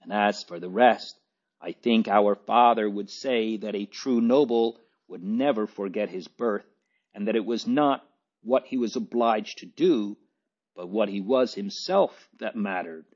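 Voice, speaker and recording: Gentle pleading young girl, as a man puts her on. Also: fairly low pitch, measured pace. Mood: earnest pleading. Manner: pleading, soft. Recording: dull lo-fi recording.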